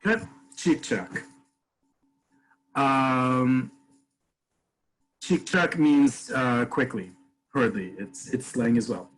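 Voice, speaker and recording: A man's voice: mid-range voice, takes it slowly, pauses often, a bit bright, rough recording. A man teaching a webinar over a video call, explaining things step by step and answering questions from the chat. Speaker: Hebrew teacher.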